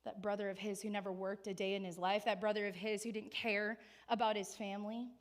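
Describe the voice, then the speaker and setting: A woman pastor giving a sermon who retells the story earnestly, often in a quiet, low-key voice. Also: level tone, fairly quick.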